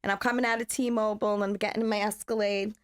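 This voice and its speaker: A woman guest on a podcast, telling a personal story in an animated, vivid way and acting out moments as she goes. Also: medium pitch, fast, clear, resonant tone. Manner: animated, vivid storyteller who acts out scenes.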